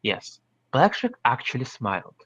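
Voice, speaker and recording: A man reading a fan story aloud in English, a non-native speaker who stumbles and clears his throat now and then. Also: mid-range voice, wildly swooping pitch, normal speed, a bit bright, a little hiss or hum. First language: Russian. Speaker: reader. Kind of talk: amateur fan-fiction reading. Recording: dry, slightly muffled voice-chat audio.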